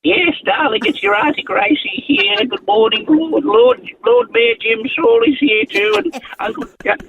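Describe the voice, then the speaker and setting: A man's voice: extremely high pitch, expressive, measured pace, crowd noise, heavily acted. A man voicing a chatty older aunt character who calls everyone darling. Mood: doting. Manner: sweet, fussing, calls people darling. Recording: tinny phone line with hiss.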